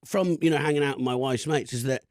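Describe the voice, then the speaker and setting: A man's voice: medium pitch, fast talker, no room sound, clean studio sound. A male comedian guest telling rambling stories in a casual podcast chat, laughing often.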